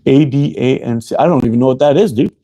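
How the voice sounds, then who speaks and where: A man's dark, medium-pitched voice moves at a quick pace as he streams casually from his shop, crafting slingshots. He swears freely, keeps things laid-back, and greets viewers by name, leaning close to the camera to read the chat.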